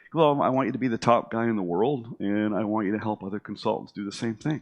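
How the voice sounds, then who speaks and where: A man's voice: lowish voice, fast talker. A middle-aged man telling his own story casually, with lots of fillers and restarts, acting out what others said to him. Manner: animated, acts out quoted dialogue with many fillers and restarts.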